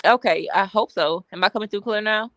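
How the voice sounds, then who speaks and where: Teasing woman with a bright, dry voice. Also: mid-range voice, a little fast, dry recording. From Georgia. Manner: teasing, gossipy. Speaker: call-in guest. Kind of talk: casual livestream chat.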